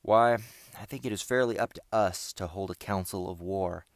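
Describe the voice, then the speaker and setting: A man reading aloud, voicing a serious, sensible young scout leader who speaks in a measured way. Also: deep voice, no room sound. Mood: grave.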